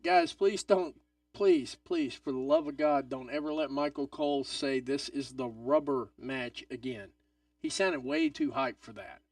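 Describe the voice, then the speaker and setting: A man hosting a live wrestling watch-along stream, excitable and swearing, swinging from loud outbursts to mutters. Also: medium pitch, measured pace, gravelly, dry recording, studio quality, distant mic.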